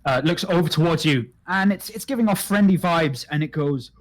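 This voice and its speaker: A man narrating a tabletop game as game master, halting with many restarts. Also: fairly high pitch. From United Kingdom.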